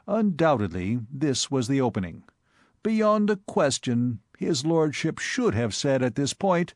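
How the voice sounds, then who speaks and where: A man narrating a comic novel as an audiobook, expressive and wry. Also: medium pitch, a little slow, no room sound, studio quality. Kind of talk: scripted narration of comic fiction.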